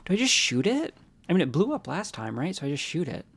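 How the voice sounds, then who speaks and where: Man, game streamer, gravelly voice, casual rambling, stuffy nose. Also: a little high, big pitch swings, fast talker, a bit bright. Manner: rambling, answers chat, jokey asides. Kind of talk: casual live-stream chat while playing.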